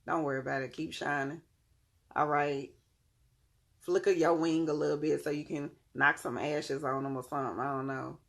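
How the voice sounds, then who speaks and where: A woman reads tarot cards straight to her viewers in an easy, animated way. Her voice carries a gravelly, creaky edge. She talks in loose slang, swears freely and breaks into laughter often. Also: low voice, normal speed. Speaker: tarot reader. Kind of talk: casual tarot reading to viewers.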